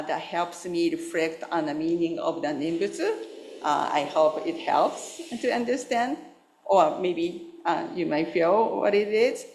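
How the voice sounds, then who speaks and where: A woman Buddhist minister giving a gentle, unhurried dharma talk, telling a story with pauses and small fillers. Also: on the low side. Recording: roomy hall sound.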